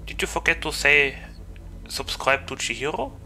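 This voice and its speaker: This VTuber streamer, a man with a German accent, jokes around casually with viewers in gaming livestream chat. He has a fairly high, sharp-toned voice at a moderate pace. The rough recording carries a little hiss or hum.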